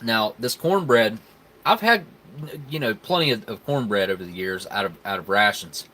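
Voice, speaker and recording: A man's voice: fairly low pitch, expressive, normal speed, pushed and bright, slight background noise. A man, hosting a casual live stream where he tastes food and chats with viewers in a laid-back, rambling way. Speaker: live stream host reviewing military rations.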